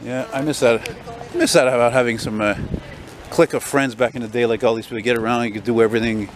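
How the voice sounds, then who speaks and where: A man's voice: medium pitch, fairly even intonation, fast. Rambling, opinionated older man walking outdoors. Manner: rambling, opinionated, self-described loudmouth. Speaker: walking vlogger. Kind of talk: casual walking commentary. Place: city street outdoors, walking. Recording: street noise behind.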